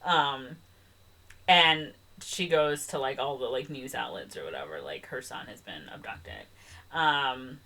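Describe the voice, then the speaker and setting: A woman's voice: very deep voice, lively intonation, unhurried, bright, forceful tone. A young woman co-hosting a podcast, retelling a film in casual, rambling chat with lots of "like" and "um". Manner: chatty, rambling retelling full of "like" and "um". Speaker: podcast co-host.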